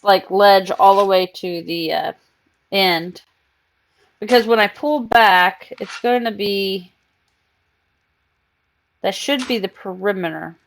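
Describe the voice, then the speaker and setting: A woman streaming a game live, chatting casually and cooing baby talk to her cat between comments on the game. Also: mid-range voice.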